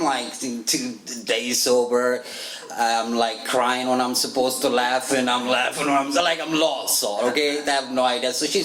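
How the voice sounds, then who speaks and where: A man's voice: medium pitch, a bit bright. A man from Africa with an African accent, giving a personal testimony at a recovery meeting, telling his story with frequent laughs and acted-out quotes. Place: meeting room. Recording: echoey room with faint ambience.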